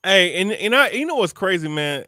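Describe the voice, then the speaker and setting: Male boxing show host, loud and mocking, lively pitch, bright and punchy, dry close sound. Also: normal speed, dry recording. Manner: loud, profane, laughing, mocking. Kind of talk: casual chat, reading tweets aloud.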